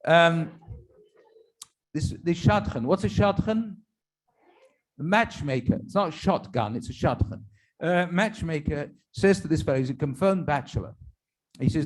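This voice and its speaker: Animated and a bit high-pitched, this man keeps a measured pace and pauses often. He is a rabbi telling his congregation a chain of stand-up jokes, peppered with chatty asides that poke fun at himself between punchlines.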